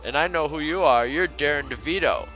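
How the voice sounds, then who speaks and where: A man's voice: on the high side, a little fast, sharp tone, pitched above the performer's own voice, low-quality recording. Brief: man playing a threatening oversized bully, raised and pushy, with music in the background. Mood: menacing. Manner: threatening, gruff taunts over a radio. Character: huge menacing high-school bully, later mellow.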